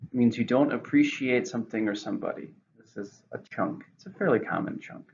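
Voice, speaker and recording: Brief: male English teacher, deep gravelly voice, careful slow delivery, lo-fi recording with faint hiss. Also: a little mellow. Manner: slow, careful enunciation of words. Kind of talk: vocabulary lesson. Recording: lo-fi with faint noise.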